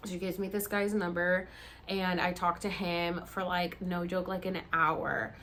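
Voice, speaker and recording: A woman's voice: on the low side, level tone, unhurried, a bit bright, slight background noise. Chatty, tired woman in her thirties. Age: 30s. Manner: chatty, rambling, heavy use of "like" and "um". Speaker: vlogger. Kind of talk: casual storytelling to camera.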